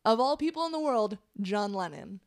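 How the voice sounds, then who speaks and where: A woman's voice: medium pitch, expressive, moderate pace, creaky. Chatty woman hosting a casual podcast. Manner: chatty, swears casually, many fillers. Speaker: podcast host reading a countdown list.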